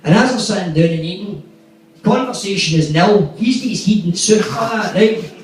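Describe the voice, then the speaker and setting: A man's voice: sits high, brisk. Sweary man telling stories on a stage. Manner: sweary, rambling anecdote with acted-out quotes. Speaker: stand-up comedian. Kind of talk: stand-up storytelling. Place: comedy club stage. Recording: echoey room from far off.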